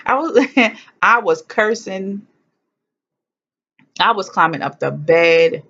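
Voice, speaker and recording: A woman's voice: mid-range voice, expressive, takes it slowly, a bit bright. A woman vlogger telling a personal story in a candid, humorous and blunt way, swearing freely. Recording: dull lo-fi sound.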